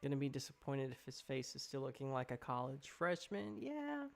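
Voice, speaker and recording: On his live stream, a young man talks loosely and rambles, reading chat comments aloud and reacting as they arrive. His voice is mid-pitched for a man, gravelly, and a little fast.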